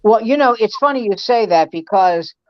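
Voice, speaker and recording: A woman comedian in casual chat, telling stories in an animated, profane way. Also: mid-range voice, normal speed, no room sound. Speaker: comedian guest. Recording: dull, dry sound.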